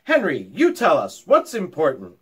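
A tiny, self-assured mouse schoolteacher, put on by a man reading aloud. He talks crisply and bossily, in a raised voice that bounces up and down. It is a storybook reading, matter-of-fact in tone. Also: on the high side, wildly swooping pitch, normal speed, heavily acted. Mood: lecturing.

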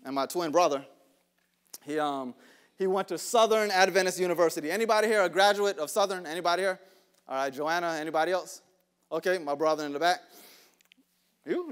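Animated male preacher with a high voice. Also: brisk, pauses often. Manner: call-and-response preaching, rising to shouts; laughs between lines, talks to the congregation. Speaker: pastor. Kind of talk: sermon. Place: church sanctuary.

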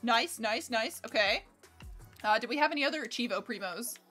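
Hyped american girl streaming a game, high voice, cusses a lot, faint game music behind. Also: normal speed. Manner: excitable, swears freely, laughs often. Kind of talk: casual livestream gameplay chat.

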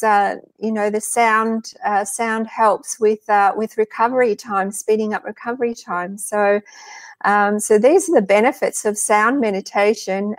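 An Australian woman speaks as a guest on a live video chat. She talks in a halting way, full of fillers and restarts. Her voice sounds dry and close to the mic. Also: a little high, no room sound. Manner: hesitant, many fillers and restarts.

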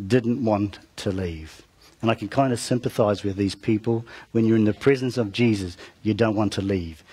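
A man preaching, retelling a Bible story with dramatic rises and soft, trailing ends, turning to the listeners with asides. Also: mid-range voice. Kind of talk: storytelling sermon.

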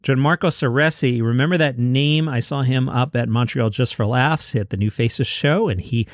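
A man's voice: medium pitch, normal speed, dry recording, clean studio sound. A man from New York City hosting a daily comedy news podcast, reading items with wry, sarcastic asides.

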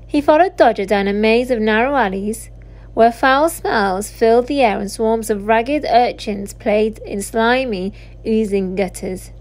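A woman teacher reading a children's storybook aloud with slow, expressive narration. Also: fairly high pitch.

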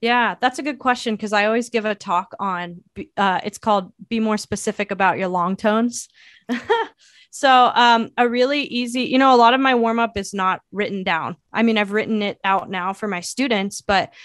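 A woman's voice: medium pitch, normal speed, fairly bright tone, no room sound, clean studio sound. A woman saxophonist and educator, answering interview questions in a thoughtful, reflective way, with frequent fillers and restarts.

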